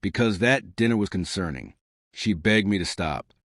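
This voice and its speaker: A man narrating a scripted first-person story with wry, deadpan delivery. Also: on the low side, normal speed, no echo, clean studio sound.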